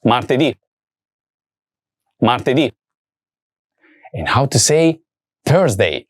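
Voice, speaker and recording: Male teacher, patient lesson delivery: unhurried, words repeated clearly, pitch moving a lot. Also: big pitch swings. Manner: slow, careful repetition of words for learners. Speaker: language teacher. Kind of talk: scripted language lesson.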